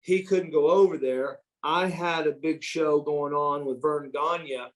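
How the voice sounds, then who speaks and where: A former pro wrestler in his fifties, from the United States, tells stories as a podcast interview guest. His voice is a little high and a little slow, and the recording is low quality. He's animated and profane, restarting often.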